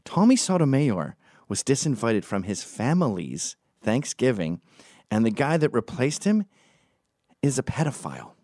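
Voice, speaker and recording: A man's voice: mid-range voice, normal speed, no room sound, clean studio sound. A man telling stories in a casual monologue, rambling, swearing and going off on tangents while acting out the people he quotes. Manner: rambling, profane, goes off on tangents; lively, acts out quoted voices.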